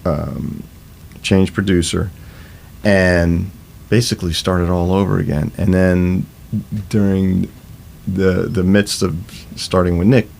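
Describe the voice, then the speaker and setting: Male rock musician in his fifties, slightly low voice, candid and profane, a natural storyteller. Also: flat delivery, slow, vocal fry, pauses often, a little mellow, slight background noise. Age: 50s. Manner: swears freely, acts out quoted exchanges. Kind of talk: casual storytelling interview.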